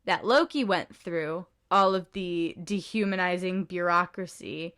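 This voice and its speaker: A woman co-hosting a podcast in casual chat, animated and emphatic, laughing often. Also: on the low side, a little slow, smooth. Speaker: podcast co-host.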